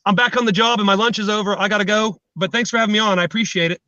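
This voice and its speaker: A man guests on a chat show and spins animated comic stories. His voice sits high and sounds bright and forceful. It comes through a dry, muffled remote line. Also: rapid-fire, dry recording. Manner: joking, animated storytelling. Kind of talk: comedic casual chat.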